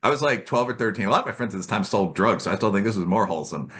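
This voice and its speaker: A male podcast host with a lowish, bright, forceful voice. He rambles through jokey stories in a loose, animated way. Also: very fast, a little hiss or hum. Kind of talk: casual podcast conversation.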